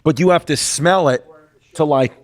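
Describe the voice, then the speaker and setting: A man hosting a podcast, telling stories in a loose, animated way, full of fillers and swearing. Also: fairly high pitch, normal speed. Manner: animated storyteller, lots of "like" and swearing. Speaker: podcast host. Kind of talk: casual chat.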